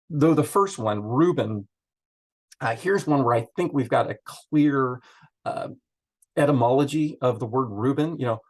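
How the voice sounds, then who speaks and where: A man leads a Bible study, thinking aloud through the text in a loose, casual way with many fillers. His voice is medium-pitched and a little mellow.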